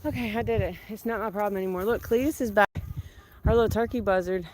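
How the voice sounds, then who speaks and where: A woman with a drawl chats away in a casual, joking way as she works in an outdoor garden. Her voice sits at a middle pitch, and she keeps up a running commentary to herself and the camera. A faint outdoor noise sits behind her. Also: fast, a little mellow. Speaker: gardening vlogger. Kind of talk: casual chatty narration while working.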